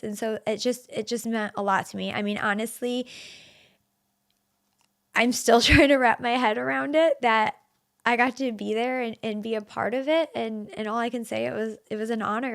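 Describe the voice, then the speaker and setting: An earnest woman in her thirties hosts a solo podcast, her voice sitting a little high. She talks warmly and personally, with fillers and restarts as she goes. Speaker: podcast host.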